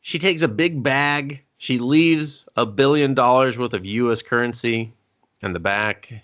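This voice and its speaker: Male podcast co-host, sharp and bright, riffs sarcastically through plot recaps. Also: mid-range voice. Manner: sarcastic, profane, acts out scenes in quick mock voices. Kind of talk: casual movie review chat.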